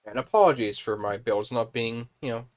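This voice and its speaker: A man's voice: mid-range voice, a little fast. Man musing while he builds. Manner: relaxed, thinking aloud with fillers. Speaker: streamer. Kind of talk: casual live-stream building commentary.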